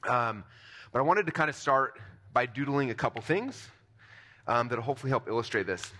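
A man delivers a motivational seminar talk at a brisk, rapid clip. His voice is bright and forceful, and he speaks in a loose, energetic way, full of fillers and quick restarts. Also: medium pitch.

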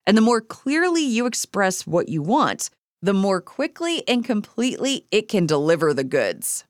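A woman reading a self-help book aloud as an audiobook, in a measured, earnest way with calm, deliberate repetitions. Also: mid-range voice, no echo, clean studio sound. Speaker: audiobook reader. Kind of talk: scripted audiobook narration of a self-help text.

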